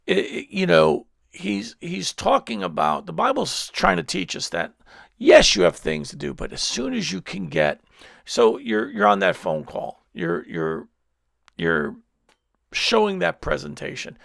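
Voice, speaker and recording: A male pastor preaches in a lively, swooping voice with a heavy gravelly rasp. He rambles through stories, restarting his sentences again and again. The recording is dry and close, with little room sound. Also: a little high, a little slow, dry recording. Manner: rambling storytelling with many restarts. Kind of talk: sermon. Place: church service.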